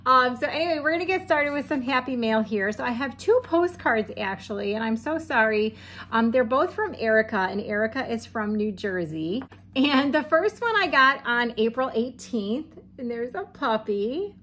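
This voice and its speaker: Chatty gushing woman vlogger, slightly high voice. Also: expressive, moderate pace, fairly bright tone, a little hiss or hum. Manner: chatty and gushing, with frequent ums and light laughs. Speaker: crochet vlogger. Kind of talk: casual chat to camera. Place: home room with setting sun through the window.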